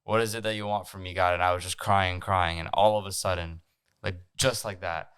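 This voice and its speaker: Casual, earnest young guy hosting a podcast, says like a lot, smooth low voice. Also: steady tone, a little fast, a bit bright, no echo. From France. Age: young adult. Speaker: podcast host. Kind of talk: casual chat.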